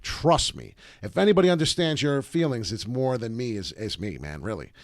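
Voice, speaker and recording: A man hosting a crypto live stream, talking loudly and excitedly to viewers, cursing and jumping from topic to topic. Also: medium pitch, normal speed, no room sound, studio quality. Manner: loud, hyped and profane, jumps between topics. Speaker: crypto video host.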